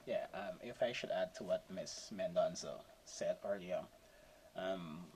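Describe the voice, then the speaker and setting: Low-voiced man panelist. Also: fairly even intonation, a little slow, a little mellow, a little hiss or hum, poor audio. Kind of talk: panel discussion.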